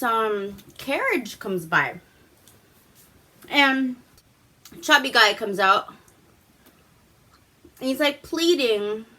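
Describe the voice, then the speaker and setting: A woman's voice: a little high, pushed and bright. A woman vlogger retelling a movie plot in a loose, chatty way, full of "like" fillers and swearing, while drinking wine at home.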